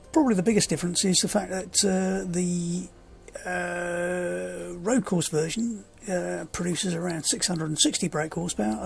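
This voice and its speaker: A man giving relaxed, rambling gameplay commentary as a sim racing video host, with many fillers and dry sarcasm. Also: sits high, vocal fry.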